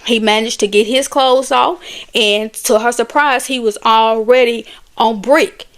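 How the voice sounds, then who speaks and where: Woman, casual story recap, chatty, animated, fairly high voice. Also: measured pace. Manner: conversational, animated, chatty asides. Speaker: book and movie reviewer.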